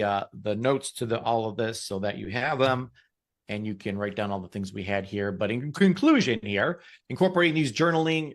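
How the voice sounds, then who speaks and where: A man's voice: mid-range voice, fairly bright tone. A man co-hosting a motivational podcast, talking in an upbeat, encouraging way and often repeating words. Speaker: podcast co-host. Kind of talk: casual motivational chat.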